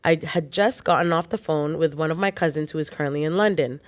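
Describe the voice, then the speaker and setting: A woman co-hosting a chat show, reading a listener's post aloud with quick casual asides. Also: deep voice.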